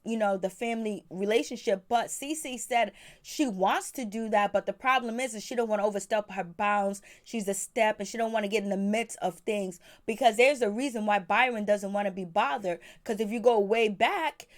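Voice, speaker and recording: Woman, host of a casual recap show; chatty and opinionated, mid-range voice. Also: mid-range voice.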